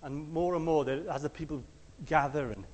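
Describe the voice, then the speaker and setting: A man's voice: on the high side, moderate pace, big-room sound. Conversational man preaching a sermon. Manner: conversational storytelling, acts out quotes, loud shouted lines.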